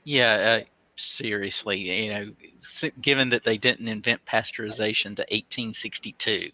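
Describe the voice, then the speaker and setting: A man's voice: on the low side, fairly even intonation, normal speed, bright, forceful tone, poor audio. A man chatting casually as a player in a tabletop game, chiming in with bits of trivia. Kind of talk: casual chat.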